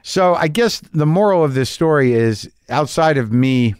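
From a garage studio, a male podcast host tells a rambling, self-deprecating story full of swearing, sounding restless. His voice is a little high, expressive, smooth and darkish at normal speed, recorded on a studio mic with headphones for a dry, close sound with no room echo.

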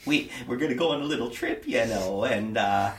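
A man's voice: medium pitch, brisk, a little hiss or hum, natural voice. A man voicing a small, cheerful elven woman who chatters in a friendly, rambling way. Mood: bubbly. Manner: bubbly, rambling. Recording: echoey room from far off.

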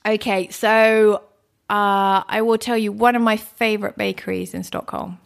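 A woman chatting as a guest in an interview, telling stories about food and places in a lively, conversational way. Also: mid-range voice, unhurried, vocal fry, smooth. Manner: chatty, warm storytelling with laughs. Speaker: guest, cook. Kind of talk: casual interview chat.

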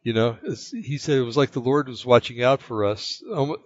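A man from the United States telling a personal story in casual chat, rambling and halting, with many fillers and restarts. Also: mid-range voice, lively intonation, no echo. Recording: dull lo-fi, dry sound.

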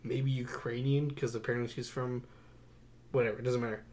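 A man's voice: mid-range voice, fairly quick. Wry young man reviewing movies. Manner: wry, sarcastic, animated. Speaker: podcast co-host. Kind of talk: casual movie-review chat.

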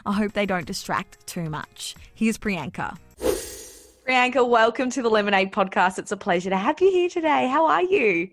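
A woman's voice: mid-range voice, lively intonation, normal speed. A woman hosting a podcast interview over a remote online recording, speaking in an effusive, encouraging way. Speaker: podcast host.

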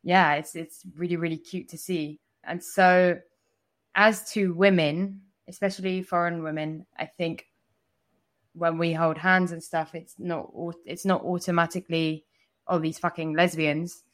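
A woman with a somewhat low voice chats casually as a podcast co-host, telling a story. She swears freely and scatters "like" through her sentences. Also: steady tone, unhurried. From foreigner living in India. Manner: chatty, with frequent swearing and many "like" fillers.

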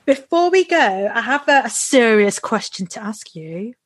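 A woman's voice: on the high side, sing-song, normal speed, slight background noise. A young woman hosting a casual chat, asking playful questions and laughing along. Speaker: host.

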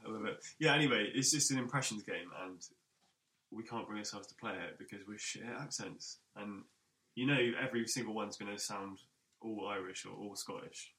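A man's voice: fairly low pitch, a little fast, sharp tone. Laid-back man, echoey room. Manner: laid-back, joking interjections. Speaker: podcast co-host. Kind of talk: casual chat. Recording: roomy echo.

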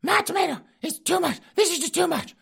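A man doing a shrill, cranky old woman. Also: animated, brisk, creaky, heavily acted. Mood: indignant. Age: over 60. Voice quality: shrill, shrieking falsetto. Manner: whiny, yells insults.

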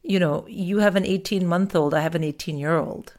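Animated, cursing mother of teens. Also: lowish voice, brisk. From India. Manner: animated, swears freely, acts out quotes. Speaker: podcast guest. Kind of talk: casual chat.

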